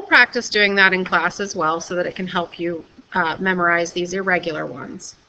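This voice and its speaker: A woman teacher giving a recorded video lesson, explaining patiently and clearly and often checking with "okay?". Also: lowish voice, normal speed, hardly any pauses, sharp tone, slight background noise, rough recording.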